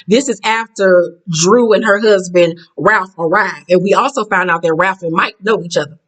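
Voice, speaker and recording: A woman recapping a reality show in blunt, profane, catty casual talk, jumping up in pitch as she acts out quotes. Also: moderate pace, a bit bright, low-quality recording.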